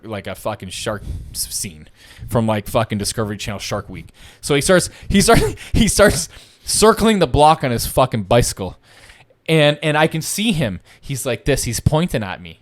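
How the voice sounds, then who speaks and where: A young man telling a story in casual podcast chat, swearing a lot and acting out what other people said. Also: medium pitch. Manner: profane, animated, acts out the other people's lines.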